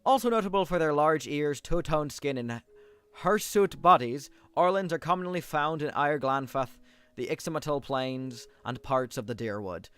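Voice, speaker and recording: A man voicing a small, hairy orlan in a nasal, high-pitched put-on Irish lilt while reading game lore aloud. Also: animated, moderate pace, fairly bright tone, smooth.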